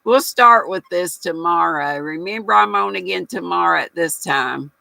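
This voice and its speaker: A woman's voice: on the low side, moderate pace, creaky, pushed and bright, no echo, low-quality recording. An older woman hosting a casual livestream, chatty and folksy, reading viewer comments aloud and laughing often. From United States. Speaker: livestream host.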